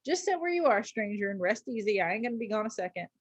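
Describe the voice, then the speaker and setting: A woman's voice: medium pitch, big pitch swings, fast talker, no room sound. A woman reading aloud as a sociable, talkative old storyteller with a folksy drawl. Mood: friendly.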